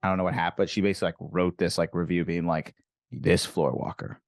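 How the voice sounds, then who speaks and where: Animated storytelling man, dry close sound. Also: sits low, racing, no room sound. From Virginia, USA. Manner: animated, acts out quoted exchanges. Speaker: podcast guest, comedian. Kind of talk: casual chat, storytelling.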